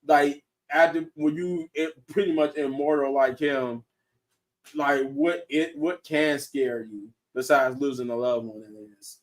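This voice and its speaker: A man hosting a casual online show, talking in an excited, rambling way and laughing often. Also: a little high, a little slow. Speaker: show host. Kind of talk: casual chat reacting to viewers.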